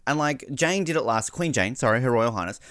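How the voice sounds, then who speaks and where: A man co-hosting a casual podcast about a reality show, talking in an animated way and acting out quotes. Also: medium pitch, dry recording, clean studio sound. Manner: animated, quick to act out quotes. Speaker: podcast co-host. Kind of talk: casual chat.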